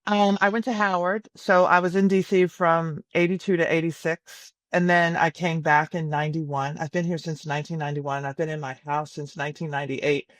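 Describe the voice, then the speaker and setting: A woman in her sixties from Tennessee, a chef guest calling in from home, telling stories in a lively, chatty way and laughing often. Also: low voice, fairly quick, few pauses, no echo. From Nashville, Tennessee. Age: 60s. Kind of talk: casual interview chat. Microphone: remote call.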